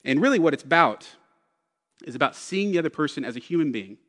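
A man's voice: fairly high pitch, big pitch swings, quick pace, fairly bright tone, long reverb tail. A man in his thirties preaching a sermon, telling a personal story with self-deprecating humor. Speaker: pastor.

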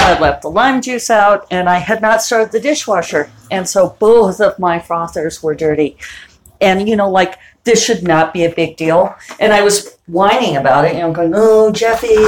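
Against a noisy background, a middle-aged podcast host with a lowish voice chats away, amused at herself and laughing often. She starts in her home kitchen and then heads outdoors.

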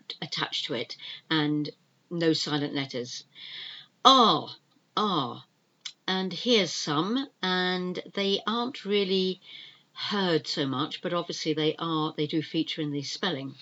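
A woman's voice: sits low, a bit bright, lo-fi sound. A British woman hosting an English lesson podcast, patiently spelling words out letter by letter and repeating each one. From United Kingdom. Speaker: podcast host teaching English. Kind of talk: slow spelled-out pronunciation lesson.

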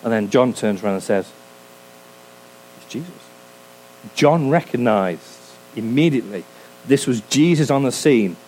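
A man's voice: mid-range voice, lively intonation, normal speed, a little mellow, poor audio. A man preaching a sermon in a humorous, conversational way, often asking his listeners questions. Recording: faint hum, sermon recorded for a podcast.

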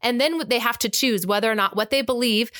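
A man's voice: very high voice, a little fast, sharp tone, no room sound, studio quality. A woman quoting an evasive male pastor.

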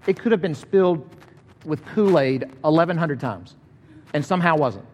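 A middle-aged male pastor preaching a sermon in an easy, conversational way that picks up energy when he tells a story. His voice sits a bit higher than most men's. It rings out with a long reverb across a large church hall. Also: animated, moderate pace, darkish tone. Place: church sanctuary.

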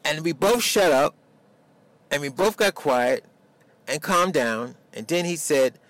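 A man's voice: a little high, animated, a little slow, fairly bright tone, rough recording. An older man, telling a personal story in a rambling, casual way with restarts. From New York. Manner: rambling, with restarts and dialect grammar.

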